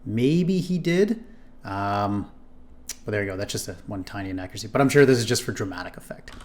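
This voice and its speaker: A man hosts a reaction video and comments casually on a history clip. He rambles, stops to correct himself and fills gaps with lots of ums. His voice sits a little low. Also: expressive, fairly quick. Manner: rambling, self-correcting, many fillers.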